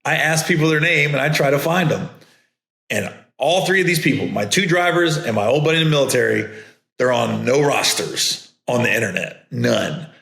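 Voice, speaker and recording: Male comedian host, casual storyteller, rambling, forceful bright tone. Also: mid-range voice, normal speed, creaky. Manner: rambling, with many restarts and mimicked voices. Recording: echoey room.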